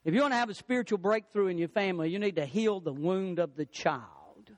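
High-voiced preaching man, dry sound. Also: fairly quick, no room sound. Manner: preaching with sudden swings in pitch and pace. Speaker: pastor. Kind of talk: sermon.

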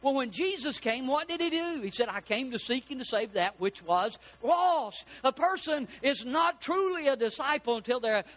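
A man preaching a sermon in a church, folksy and animated, asking his congregation questions. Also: very high-pitched, normal speed, few pauses. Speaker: pastor. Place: church sanctuary.

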